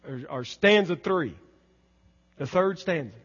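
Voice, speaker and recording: A man preaching a sermon as pastor, emphatic, swinging between loud exclamations and quiet low lines. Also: lively intonation, a little slow, slightly rough. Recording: dull sound with long hall reverb.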